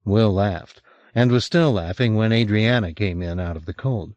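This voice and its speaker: A man's voice: normal speed, a little mellow, no room sound, lo-fi sound. A man narrating a novel as an audiobook reader, recorded on an old cassette. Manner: voices each character with raised pitch. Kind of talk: audiobook reading.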